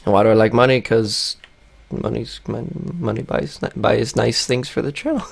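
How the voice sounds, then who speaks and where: A man YouTuber rambles through a casual vlog while playing a game, using lots of fillers and restarting sentences. His voice is raspy and cracks after a long break, with medium pitch and normal speed.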